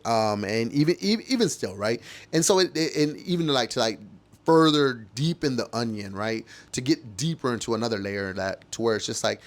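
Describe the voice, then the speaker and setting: A man's voice: lowish voice, creaky. A man, ranting heatedly and emotionally about his own experiences, cursing and repeating himself. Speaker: podcast host. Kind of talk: heated personal monologue.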